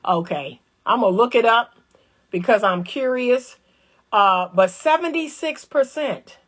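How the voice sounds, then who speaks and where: This woman's voice runs fairly high and a touch slow as she talks directly to camera about relationships. Her commentary is casual and lively, with everyday phrasing, repeated lines for emphasis and small acted-out scenes.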